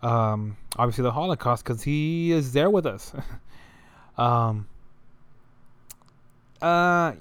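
A man's voice: medium pitch, a bit bright, smooth, no echo. A young man telling a story in a loose, rambling way, full of slang and fillers. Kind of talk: casual storytelling monologue.

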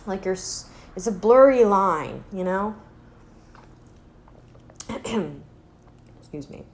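Speaking slowly but with animation, a young podcast host rambles through a sardonic, casual monologue of her opinions. "Like" shows up constantly, and whenever she quotes someone she mocks them in a high-pitched baby voice.

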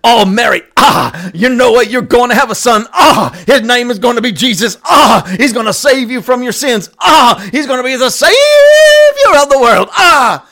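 A man voicing a jubilant male archangel who shouts his news like a revival preacher, adding "ah" after each phrase. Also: extremely high pitch, very animated, moderate pace, gravelly, hardly any pauses, voice pushed up, full character voice. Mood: ecstatic.

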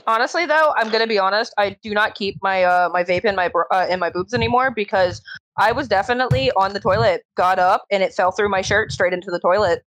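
A woman in casual podcast banter, telling animated stories and swearing freely. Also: mid-range voice, fast, no room sound, rough recording.

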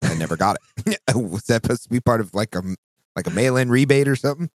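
A man co-hosting a podcast in casual chat, animated and profane, often jumping into mock voices. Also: fast, no echo. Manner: animated, swearing, mimics voices with big pitch jumps. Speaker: podcast co-host.

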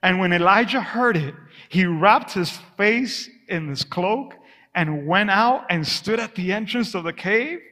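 A high, bright male voice preaches a sermon, calling out questions for the congregation to answer. He tells everyday stories with playful acted asides and sinks to a soft hush on quiet words. A long hall reverb trails behind him. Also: a little slow. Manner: call-and-response preaching, drops to a hush on "whisper"; energetic storytelling with acted asides. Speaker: pastor.

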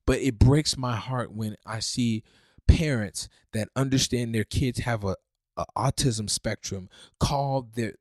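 Male podcast preacher, fervent, loud peaks to soft pleas, dry close sound. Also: medium pitch, measured pace, no echo. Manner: fervent, swings from loud preaching to hushed pleading. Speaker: podcast host.

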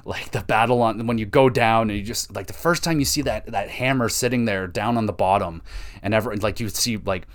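A man's voice: fairly low pitch, fairly quick. A young man hosting a gaming podcast alone, rambling enthusiastically and swearing a lot. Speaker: podcast host. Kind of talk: casual solo gaming podcast rant.

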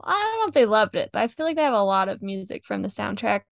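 A woman's voice: mid-range voice, sing-song, quick pace, gravelly, no echo. A young woman chatting casually about songs as a podcast co-host, giggly and full of "like". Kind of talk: casual chat reviewing songs.

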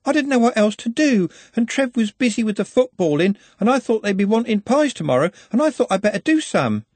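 A man's voice: sits high, sing-song, a little fast, darkish tone, no room sound, pitched above the performer's own voice. A man reading a novel aloud, voicing a shy, apologetic young woman who bakes, in a raised, eager voice. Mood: anxious.

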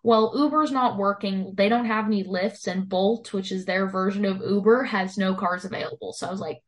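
A woman's voice: medium pitch, normal speed. Young woman, casual chatty storyteller, voices the people in her story, lots of "like". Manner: animated storytelling, heavy use of "like", acts out quoted lines. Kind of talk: casual chat.

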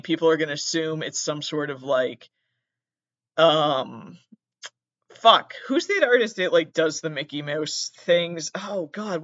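A man telling a rambling comedic story about himself, full of swearing and self-mockery, now and then bursting out loudly. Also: high voice, no room sound, highs cut off. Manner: self-deprecating, profane, swings into loud outbursts. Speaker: show host telling a personal story.

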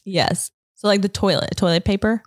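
A woman's voice: medium pitch, steady tone, moderate pace, dry recording, studio quality. Nervous giggly woman co-host. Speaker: podcast co-host. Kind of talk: casual chat.

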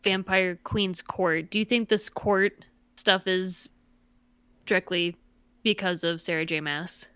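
Woman podcasting, chatty and sweary, smooth clear voice, dry close sound. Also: fairly low pitch, takes it slowly, dry recording. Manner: animated, profane, mocks characters in exaggerated voices. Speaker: podcast co-host. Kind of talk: casual chat.

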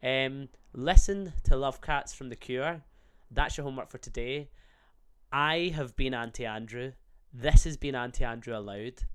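A man's voice: mid-range voice, moderate pace, a bit bright, smooth. A man hosting a podcast, rambling and jokey, swearing freely in casual chat. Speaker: podcast host.

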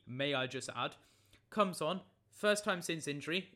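A man's voice: fairly high pitch, lively intonation, measured pace, bright, forceful tone. A young man recapping football results in a jokey, rambling way, often correcting himself. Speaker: football vlogger. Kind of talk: casual match recap.

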